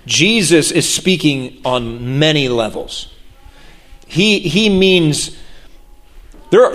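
A man preaching a sermon, reading scripture aloud and breaking off for awed, reverent asides. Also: fairly high pitch.

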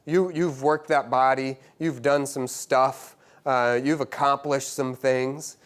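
A man preaching a sermon, swinging between loud exclamations and hushed, quiet stretches, often repeating himself as he builds a point. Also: medium pitch, fairly even intonation, slow pace, smooth. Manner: repeats words and restarts phrases. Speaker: university teacher.

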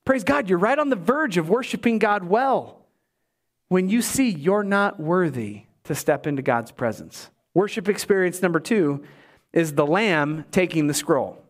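A man preaching a sermon in church, swinging between emphatic highs and low asides, with joking remarks to the congregation. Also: lively intonation, measured pace. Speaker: pastor.

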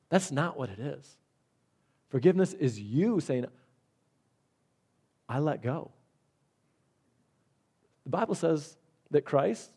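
Man, pastor, conversational sermon, slightly high voice. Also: darkish tone. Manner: conversational preaching with repeated words and demonstrations.

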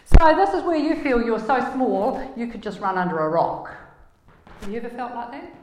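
A woman's voice: a little high, expressive, normal speed, a little mellow. A woman with a crackly voice giving a conversational Bible teaching, emphatic and full of rhetorical questions. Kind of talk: conversational sermon. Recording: roomy echo.

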